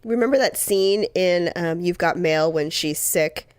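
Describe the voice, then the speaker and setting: A woman co-hosting a podcast in casual chat, hoarse from a cold, chatty and self-mocking. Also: lowish voice, measured pace, dry recording, studio quality. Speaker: podcast co-host.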